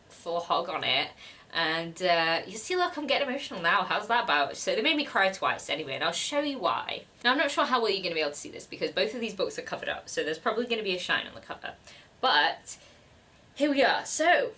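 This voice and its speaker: A woman's voice: lowish voice, expressive, moderate pace, sharp tone. A young woman chatting casually as a book vlogger, giggly and gushing about her gifts. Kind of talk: casual chat.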